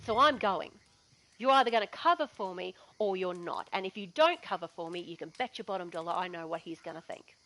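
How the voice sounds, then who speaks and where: A woman's voice: lowish voice, animated, fairly quick, sharp tone, voice pushed down, poor audio. A woman with an Australian accent playing a determined young nurse who speaks urgently and insistently. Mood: defiant.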